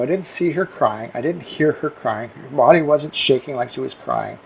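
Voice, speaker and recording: A man's voice: medium pitch, creaky, muffled recording, slight background noise. A man talking earnestly to camera in a reflective personal vlog, searching for words and restarting his sentences, close to tears. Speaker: vlogger.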